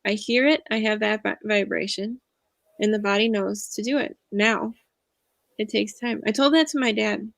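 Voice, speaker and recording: Earnest woman with a gravelly edge. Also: medium pitch, fairly even intonation, normal speed, dry recording. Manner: earnest, reflective, confiding. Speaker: guest speaker, empowerment coach. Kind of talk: casual interview conversation.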